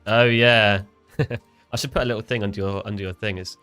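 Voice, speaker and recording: Bright-voiced chatty English man. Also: fairly low pitch, fairly even intonation, smooth, faint music behind. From England. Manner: chatty, quick to laugh, rambling. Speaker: fellow trader and streamer. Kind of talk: casual live-stream chat.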